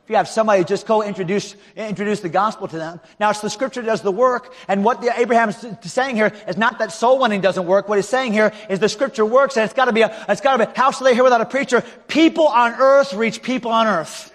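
Shouting-then-hushed male pastor in a hall. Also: high-pitched, fast, few pauses. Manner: swings from loud shouting to hushed pleading. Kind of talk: revival sermon with altar call. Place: large church auditorium. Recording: long hall reverb.

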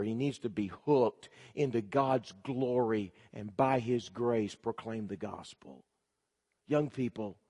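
A man's voice: medium pitch, dark tone. A man preaching a sermon, retelling a story with repeated "he said" and then making urgent, direct appeals to the listeners. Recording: long reverb of a large hall.

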